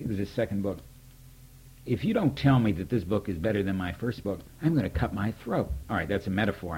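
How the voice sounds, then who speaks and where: Older man, deep husky voice, candid and wry, tells anecdotes about a mentor. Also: darkish tone. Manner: candid, wry storyteller who acts out remembered dialogue. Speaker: poet recalling a mentor. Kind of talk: reflective spoken reminiscence.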